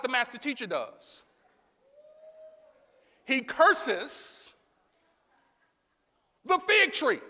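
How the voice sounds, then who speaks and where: High-voiced preacher man in echoey hall. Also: wildly swooping pitch, extremely slow, pauses often. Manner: call-and-response preaching, rising to shouts. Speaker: pastor. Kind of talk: sermon. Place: church sanctuary.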